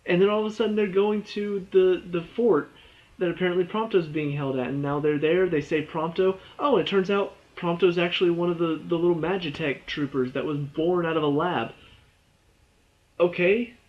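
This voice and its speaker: A man's voice: high-pitched, moderate pace, highs cut off. Rambling man reviewing a game. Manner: rambling, exasperated, with many "you know" and "all of a sudden". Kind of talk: casual spoken review.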